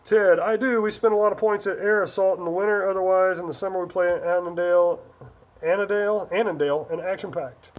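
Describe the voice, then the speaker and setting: Reading chat messages aloud on a casual livestream, a Northern California man rambles as he responds to viewers. His voice is high with a steady tone, and he talks briskly.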